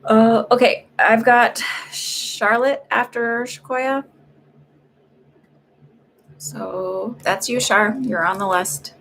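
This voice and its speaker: A woman's voice: fairly high pitch, fairly even intonation, slow, pauses often, a bit bright, slight background noise. A woman giving live psychic readings on a stream, talking in a rambling, chatty way with lots of fillers and restarts. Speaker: psychic medium doing paid readings.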